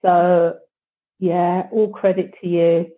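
A woman's voice: on the low side, level tone, slow pace. Woman podcast guest over a tinny phone-ish line, rambly and encouraging. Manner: rambling, encouraging, repeats words. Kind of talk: casual interview chat. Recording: tinny phone-like call audio.

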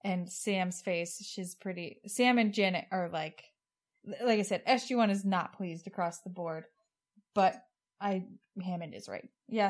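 A woman co-hosting a podcast, earnestly retelling an episode's plot in a casual chat. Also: mid-range voice. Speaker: podcast co-host.

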